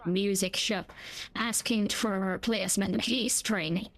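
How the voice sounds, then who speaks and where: A woman's voice: medium pitch, steady tone, measured pace, a bit bright, a little hiss or hum. A woman streaming a driving game, chatting in a cheeky, jokey, rambling way. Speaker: gaming streamer. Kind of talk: casual gameplay chat.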